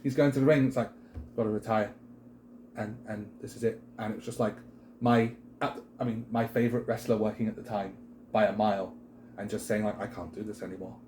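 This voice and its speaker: A British man co-hosts a wrestling chat show, his fairly low voice moving briskly over slight background noise. He talks casually and animatedly, rambling with plenty of fillers.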